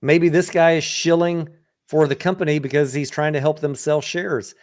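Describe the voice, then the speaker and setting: A man's voice: a little high, steady tone, normal speed. A man hosting a casual livestream and walking through a company's financials in a blunt, profane, conversational way. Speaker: livestream host and stock trader.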